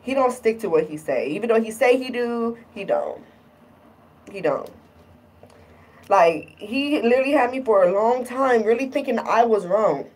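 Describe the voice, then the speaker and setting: A woman's voice: a little high, expressive, moderate pace, a little mellow, husky, recorded from a distance, rough recording. A woman talking casually in a vlog, irritated and rambling, often repeating herself. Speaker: vlogger.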